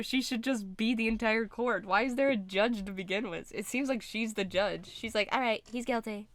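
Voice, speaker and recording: A woman's voice: a little high, moderate pace, hardly any pauses, dry recording. A woman streaming a game, reading the dialogue aloud in different voices and reacting with laughter and chatter between the lines. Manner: animated, laughs often, voices characters.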